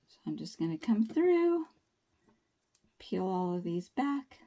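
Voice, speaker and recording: A woman's voice: medium pitch, sing-song, takes it slowly, warm tone. A woman chatting upbeat and reassuring through a nail tutorial, with folksy phrasing. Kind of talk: casual tutorial talk.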